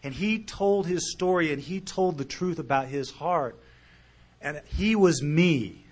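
A middle-aged man speaking to a meeting about his recovery, telling his story earnestly and emotionally, with loudness that rises and falls. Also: on the high side, measured pace. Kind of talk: recovery talk to a live audience.

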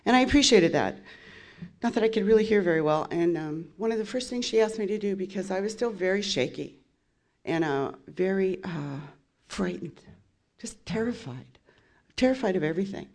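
A woman's voice: medium pitch, fairly quick, darkish tone. A woman in her fifties sharing her recovery story as a candid personal testimony, with wry laughs along the way. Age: 50s.

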